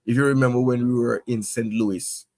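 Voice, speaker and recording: A man chats about football, stammering and restarting as he works through his thoughts. The recording is dry and close, with no room sound around his middle-pitched voice. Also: steady tone, moderate pace, a little mellow, dry recording. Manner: stammering, conversational. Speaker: podcast co-host. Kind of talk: casual football chat.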